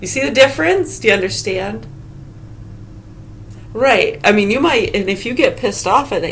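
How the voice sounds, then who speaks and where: A woman's voice: mid-range voice, normal speed, a little hiss or hum. A middle-aged woman vlogging in a casual, sarcastic rant full of swearing. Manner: profane, sarcastic, heated. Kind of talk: casual ranting monologue.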